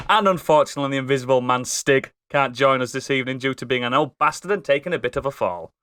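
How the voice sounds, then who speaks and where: A man's voice: medium pitch, quick pace, few pauses, pushed and bright, slight background noise. A man hosting a podcast, playful and theatrical as he introduces his co-hosts. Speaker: podcast host. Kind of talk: casual podcast chat.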